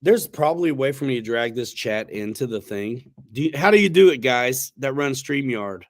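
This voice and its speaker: A man's voice: medium pitch, expressive, normal speed. Man, livestream host, laid-back, slangy, rambling, casual chat.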